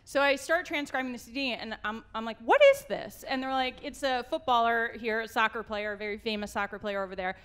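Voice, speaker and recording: A woman's voice: a little high, fairly even intonation, fast talker, few pauses, a bit bright, clean tone. An American woman telling a long funny story at a live panel, laughing often and acting out the people she quotes. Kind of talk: animated anecdote at a live panel. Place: auditorium stage.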